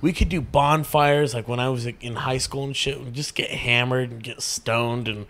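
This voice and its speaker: A man's voice: mid-range voice, normal speed. A man telling casual, profane stories on a podcast, rambling and acting out quotes with sudden bursts of energy. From small rural American town. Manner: rambling, heavy swearing, lively acted-out quotes.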